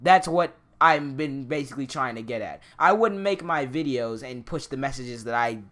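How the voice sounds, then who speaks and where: A man's voice: mid-range voice, animated, moderate pace, a bit bright. A man streamer in casual chat, rambling with many fillers and restarts.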